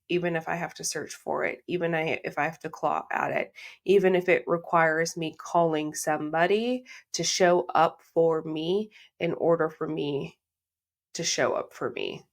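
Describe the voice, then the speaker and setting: A woman hosting a solo podcast, talking to her listeners in a heartfelt, reflective way and repeating phrases for emphasis. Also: sits low. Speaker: podcast host.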